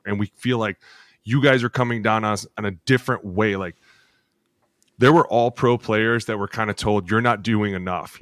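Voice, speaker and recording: A man in his thirties co-hosting a sports podcast, telling animated locker-room stories full of acted quotes and cursing. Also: fairly low pitch, no echo, clean studio sound. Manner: animated storytelling with acted quotes, swears freely. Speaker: podcast co-host, former NFL lineman. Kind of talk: casual chat.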